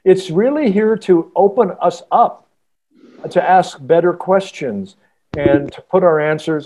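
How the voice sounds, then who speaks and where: A man, an author guest on a podcast, telling a story in a halting, earnest way with many restarts. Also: sits high, darkish tone, slight background noise. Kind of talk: casual podcast interview storytelling.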